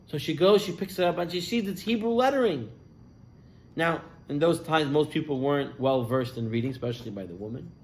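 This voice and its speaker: A rabbi with a high, light male voice tells stories to his congregation. He speaks animatedly, climbing for the dramatic moments and dropping low and soft for the quiet ones. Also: a little fast. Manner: animated storyteller, voice rising and falling with the tale. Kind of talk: sermon storytelling.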